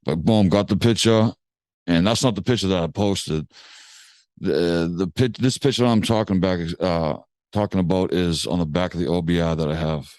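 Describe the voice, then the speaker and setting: A man's voice: low-pitched, normal speed, darkish tone, no room sound. A man from Massachusetts, a music producer, telling a story in a slangy, laid-back way on a podcast. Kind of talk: casual storytelling interview.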